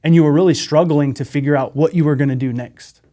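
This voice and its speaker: A man's voice: on the high side, fairly even intonation, quick pace, dark tone. A man hosting a podcast, chatting casually and encouraging his guest. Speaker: podcast host. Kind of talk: casual interview chat.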